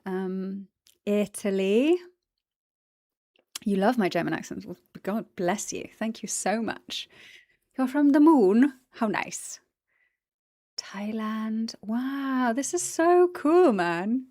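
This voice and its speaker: A woman's voice: mid-range voice, slow pace, darkish tone, no room sound, clean studio sound. A woman chatting casually on a livestream, greeting viewers, giggling, tired after the gym. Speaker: streamer.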